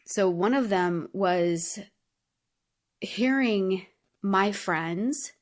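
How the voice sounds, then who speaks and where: Speaking very slowly in a medium-pitched voice, a woman walks through a personal story on the podcast she hosts. The reflective monologue is earnest and heartfelt, chatty, and loaded with casual fillers.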